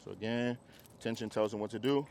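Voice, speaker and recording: A man teaching a dog training class outdoors, coaching owners and breaking into high, excited praise for the dogs. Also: fast talker, gravelly, slight background noise. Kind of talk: hands-on group class instruction.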